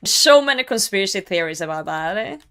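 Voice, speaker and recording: A woman's voice: medium pitch, animated, brisk, fairly bright tone, smooth. Woman streamer chatting with her chat. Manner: reads chat messages aloud and answers them, laughs often. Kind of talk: casual gaming livestream chat.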